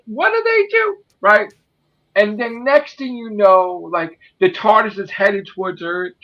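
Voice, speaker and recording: Animated, bright-voiced man riffing excitedly. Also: measured pace, poor audio. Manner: excitable, profane, pitching a story idea; keeps checking in with "right?". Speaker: podcast co-host. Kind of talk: casual streamed podcast chat.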